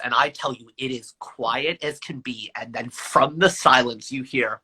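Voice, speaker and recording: A young man, an actor guest in an interview, telling an animated story and acting out the lines of the people in it. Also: husky, low-quality recording. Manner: energetic, acts out quoted lines in higher voices.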